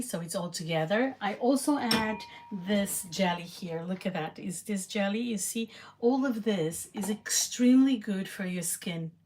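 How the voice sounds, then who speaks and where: A woman with a Portuguese accent chatting excitedly and rambling as she cooks on camera. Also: mid-range voice. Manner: excitable, rambling, with frequent restarts. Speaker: cooking vlogger. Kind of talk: casual cooking chat to camera.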